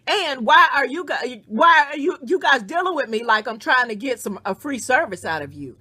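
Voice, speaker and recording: A woman rants through a story on a phone call, her pitch leaping up and down as she acts out each person. Her voice sits a little high and sounds dry and close, with no room around it. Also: husky, dry recording. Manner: animated, profane storytelling that acts out other people's words. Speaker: podcast host. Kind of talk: casual venting on a phone call.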